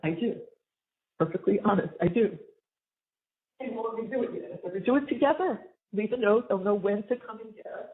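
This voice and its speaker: An older woman with a New York accent, talking in a halting, rambling way with many restarts, sounding distressed. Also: mid-range voice. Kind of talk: recorded conversation. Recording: tinny phone line, echoey.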